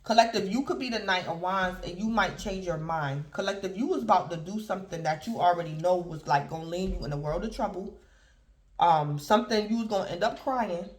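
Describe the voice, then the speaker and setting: A woman giving a casual tarot reading to her viewers, talking in a loose, repetitive, conversational way. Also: medium pitch. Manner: repetitive, conversational, keeps addressing the collective. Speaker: tarot reader.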